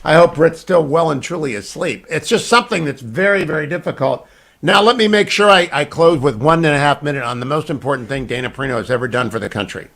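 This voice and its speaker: A man in his sixties is hosting a radio talk show, bantering and joking with his guest. His voice sits a touch higher than most men's. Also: fast talker, creaky, fairly bright tone. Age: 60s. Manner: jokey and bantering. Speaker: radio host.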